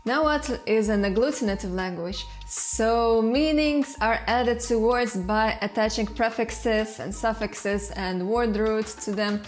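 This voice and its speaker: A woman's voice: a little high, a little slow, hardly any pauses, faint music behind. Woman explaining a language, playful tone. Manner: clear, explanatory, lightly playful. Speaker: language channel host. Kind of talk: educational explainer narration.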